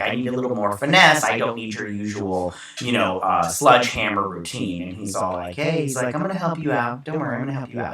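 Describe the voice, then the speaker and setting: A man's voice: mid-range voice, sharp tone, heavy reverb, recorded from a distance, low-quality recording. A man hosting a casual episode recap, rambling with many fillers and acting out the characters' lines. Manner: rambling, filler-heavy, acts out quoted lines. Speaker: show host recapping an episode.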